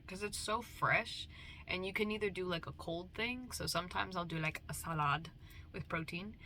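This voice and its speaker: A young woman with rambles playfully in casual vlog chat. Her voice is bright and forceful, and she slips into whispers now and then. Faint background noise sits under her voice. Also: lowish voice, moderate pace. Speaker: vlogger.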